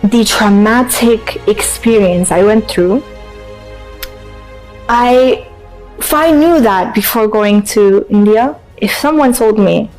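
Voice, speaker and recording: A young woman from Canada telling her life story in an interview, animated and emotional, acting out what people said. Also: medium pitch, takes it slowly, faint music behind, poor audio. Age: young adult. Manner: animated, emotional, acts out quotes. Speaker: interview guest. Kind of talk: personal storytelling.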